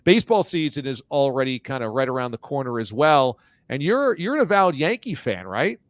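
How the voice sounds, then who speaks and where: A man's voice: mid-range voice, very animated, a little fast, dry recording. A man hosting a sports talk show, interviewing a guest in an upbeat, enthusiastic way. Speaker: radio and video show host.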